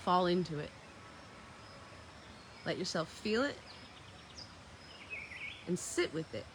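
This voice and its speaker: A woman's voice: fairly low pitch, animated, slow pace, noisy background. Chatty woman vlogging outdoors. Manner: chatty, spiritual, playfully talks to dogs. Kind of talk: casual vlog chat to viewers.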